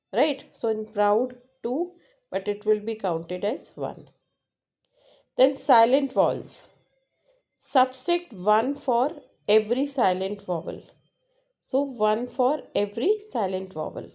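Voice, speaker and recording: A woman with an Indian English accent teaching a lesson, explaining patiently and repeating words slowly, sometimes switching into Hindi. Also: fairly high pitch, mellow. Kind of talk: classroom lesson.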